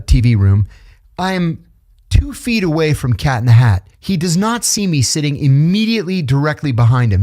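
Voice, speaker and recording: Animated man telling stories. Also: medium pitch. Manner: animated storyteller who acts out the quoted voices. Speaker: interview guest, former intelligence officer. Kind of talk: casual storytelling in a podcast interview.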